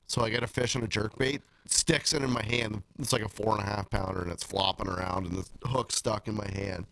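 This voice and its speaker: A man's voice: lowish voice, fairly even intonation, fairly quick, gravelly, fairly bright tone, slight background noise, poor audio. A man from Canada, a guest angler, telling a blunt, joking fishing story in a studio chat.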